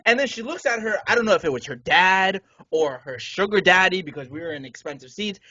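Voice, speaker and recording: Male podcast co-host, high and husky, casual storyteller with an indignant edge, dry dull-mic sound. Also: brisk, no room sound. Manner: animated, indignant retelling with swearing.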